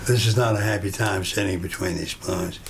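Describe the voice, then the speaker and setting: A man telling a rambling story to camera in a deadpan manner. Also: deep voice, a little fast, very noisy. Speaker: reality show contestant.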